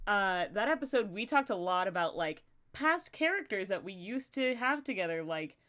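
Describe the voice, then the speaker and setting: A woman hosting a casual livestream chat, talkative and quick to laugh, often talking to herself as she goes. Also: medium pitch, very animated, a bit bright. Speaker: livestream host.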